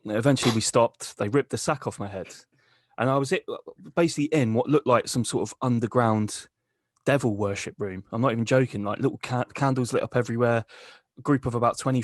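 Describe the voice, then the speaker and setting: A man co-hosting a comedy podcast, telling a crude, deadpan tall tale. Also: medium pitch, brisk, no room sound, studio quality. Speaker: podcast co-host. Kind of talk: comic storytelling.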